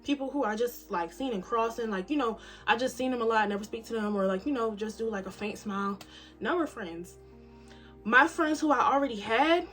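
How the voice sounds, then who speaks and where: A woman's voice: on the high side, moderate pace, soft background music. Chatty young woman vlogging. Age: 20s. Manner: chatty, animated, swings loud to soft. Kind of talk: casual chat to camera. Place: cabin.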